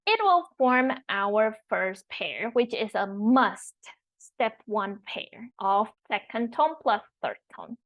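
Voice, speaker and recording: Woman, teacher, slow deliberate explanations, slightly high voice, dull lo-fi sound. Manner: slow, careful explanation with repeated example words. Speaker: Mandarin teacher. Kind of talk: online language lesson.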